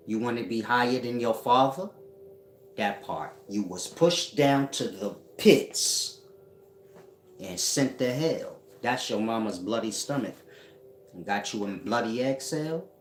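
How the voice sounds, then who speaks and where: A man giving a casual spiritual teaching at home, talking slowly and often checking that listeners follow him. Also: on the low side, slight background noise. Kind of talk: casual esoteric teaching monologue. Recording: echoey room.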